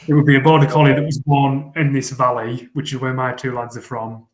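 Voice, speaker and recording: A man's voice: mid-range voice, level tone, a little fast. Earnest rambling man, roomy sound. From England. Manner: earnest, rambling with repeated words. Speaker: guest, fell runner. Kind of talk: casual interview chat. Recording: roomy echo.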